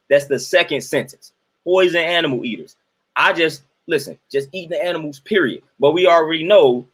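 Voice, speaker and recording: Man, slightly high and husky, emphatic preachy livestream host. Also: a bit bright. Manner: repetitive, emphatic, sermon-like cadence.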